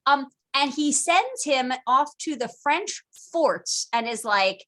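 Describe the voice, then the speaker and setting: Brief: woman, higher voice, casual teacher on a video call, jokey and lively. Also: takes it slowly, few pauses. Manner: chatty and animated, acts out historical figures in jokey quoted voices. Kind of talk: casual online lecture.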